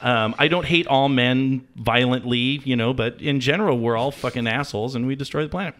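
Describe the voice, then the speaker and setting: A man's voice: medium pitch, fairly quick, a bit bright. A man co-hosting a podcast, talking in a blunt, profane way. He rambles through his points in loose casual chat and laughs often along the way. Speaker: podcast co-host.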